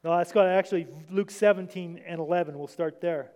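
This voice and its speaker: In a long, reverberant hall, a man with a high, mellow voice delivers an informal sermon, reading scripture to his congregation. His intonation stays fairly even and his pace fairly quick, with many restarts and asides.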